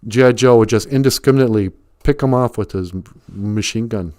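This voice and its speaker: A man's voice: mid-range voice, brisk, few pauses, darkish tone, smooth, no echo, studio quality. A man hosting a livestream, rambling through an improvised comic story. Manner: rambling, laughs at himself, reads chat comments. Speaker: comedic storyteller host. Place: home livestream.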